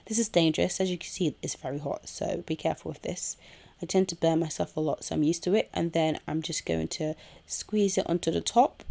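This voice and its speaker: A young woman walks viewers through a home tutorial in an easygoing, chatty way. Her voice sits low with a gravelly fry, and she talks while chewing gum. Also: fairly even intonation, a little fast, warm tone. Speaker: hair tutorial host. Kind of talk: casual step-by-step tutorial. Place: home room with a kettle nearby.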